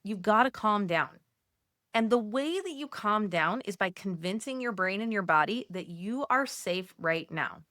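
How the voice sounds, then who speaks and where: This is an animated, medium-pitched woman's voice at a measured pace, captured studio-clean without echo. In relaxed teaching talk, she coaches Catholic mothers gently through steps, chatting along with frequent use of "like."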